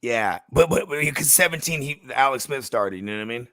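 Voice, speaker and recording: A man co-hosting a late-night fantasy football chat, talking in a loose, profane, joking way with animated storytelling. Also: medium pitch, a little fast, dry recording, studio quality. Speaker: podcast co-host.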